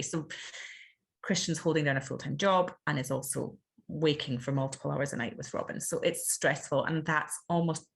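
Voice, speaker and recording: A Scottish woman in her thirties, a podcast guest talking candidly and animatedly, full of fillers and quoted asides. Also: sits low. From Scotland. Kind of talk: candid conversational interview.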